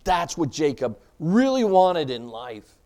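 A man with a high voice that swoops up and down preaches a Bible-teaching sermon. He asks questions and answers them himself, loose and chatty with plenty of casual asides. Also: very animated, slow pace, dark tone. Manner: loose, chatty delivery with many "you know" asides.

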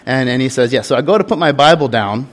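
A man's voice: mid-range voice, expressive, fast. Earnest young male pastor preaching. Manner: earnest, candid storytelling with frequent restarts. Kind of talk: sermon.

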